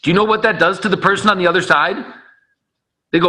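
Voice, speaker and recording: A man giving an energetic, preachy motivational training talk on a conference call, acting out sales conversations. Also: sits high, fast talker. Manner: energetic and preachy, acts out dialogues. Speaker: network marketing trainer.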